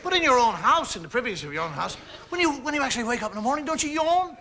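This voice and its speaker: A man's voice: extremely high pitch, very animated, racing, creaky, background noise. A man doing a stand-up comedy monologue, chatting playfully and acting out everyday gestures for a studio audience.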